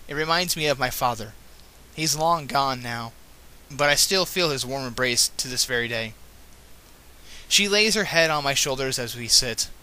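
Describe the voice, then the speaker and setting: A man's voice: medium pitch, sharp tone. A man reading fan fiction aloud, breaking off with casual, self-correcting asides. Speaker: reader.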